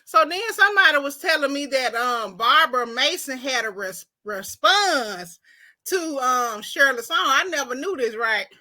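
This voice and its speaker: A woman's voice: high voice, lively intonation, normal speed, bright, forceful tone. A woman hosting a podcast in casual chat, telling a story animatedly and reading quotes aloud with drama. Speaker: podcast host.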